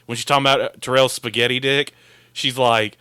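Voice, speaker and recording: Brief: man, bright and crisp voice, amused podcast co-host trading jokes about a film. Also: medium pitch, steady tone, a little fast, no room sound. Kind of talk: casual profane movie recap chat.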